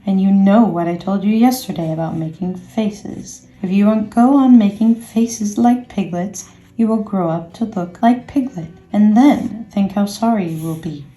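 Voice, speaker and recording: A woman's voice: medium pitch, unhurried, warm tone, close to an everyday voice. A woman voicing a motherly female kangaroo in a storybook reading, soothing yet firmly scolding. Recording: echoey room, faint music.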